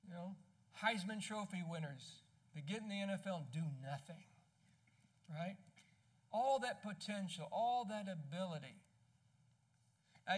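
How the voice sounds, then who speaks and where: A pastor with a high, fairly bright voice delivers a sermon with emphasis. His preaching is emphatic yet conversational, peppered with rhetorical questions.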